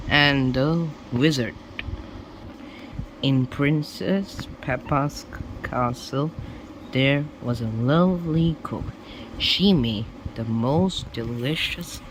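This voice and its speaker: A man reading children's storybooks aloud, slowly and deliberately, with small slips and restarts. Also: mid-range voice, a little hiss or hum, rough recording. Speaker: storybook reader.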